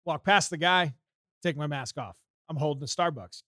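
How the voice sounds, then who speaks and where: Profane, heated American podcast host. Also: male voice, fairly high pitch, moderate pace, pushed and bright, no echo, studio quality. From United States. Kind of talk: casual podcast storytelling.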